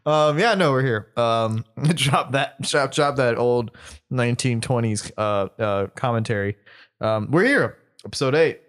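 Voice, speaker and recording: A man's voice: medium pitch, a little slow, fairly bright tone. A young man co-hosting a casual podcast, laughing often, joking and swearing freely. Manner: giggly, swears freely, jokey. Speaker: podcast co-host. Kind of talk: casual chat.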